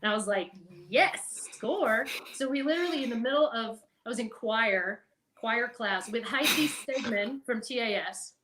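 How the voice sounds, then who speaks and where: A woman's voice: a little high, moderate pace, noisy background. Chatty middle-aged woman telling stories. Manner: chatty, animated, laughs and swears. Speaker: podcast guest. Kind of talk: casual storytelling.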